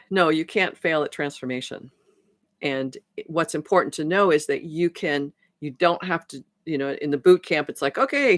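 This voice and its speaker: A woman's voice: sits low, no echo. A woman coach talks through a live stream, her thoughts looping back with frequent restarts as she acts out little conversations. The sound is dry and close, with no room around it. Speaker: transformation coach. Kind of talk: live-stream talk to viewers.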